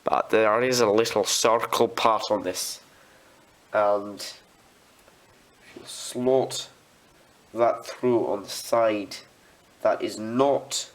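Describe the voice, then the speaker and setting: Slow-talking Australian hobbyist. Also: male voice, lowish voice, steady tone. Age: student. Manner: rambling, chatty, talks while working. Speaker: model railway hobbyist. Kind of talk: casual hobby tutorial.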